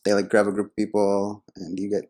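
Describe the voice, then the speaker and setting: Low-voiced man, hesitant chat. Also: monotone, a little fast, darkish tone. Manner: hesitant, filler-heavy. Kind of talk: casual storytelling chat.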